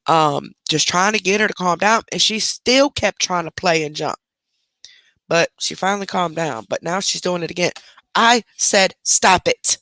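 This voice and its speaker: Chatting easily with viewers on her home livestream, a middle-aged woman keeps interrupting herself to tell off her dog. Her voice is lowish with a fairly bright tone, picked up close on a desk mic indoors with no echo.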